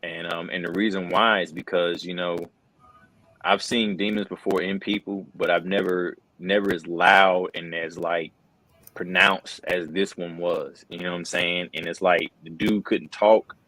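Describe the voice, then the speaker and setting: A man's voice: sits low, steady tone, unhurried, bright, forceful tone, no echo, low-quality recording. A middle-aged wrestling commentator, telling an earnest personal story in a casual interview, full of fillers like "bro" and "man.".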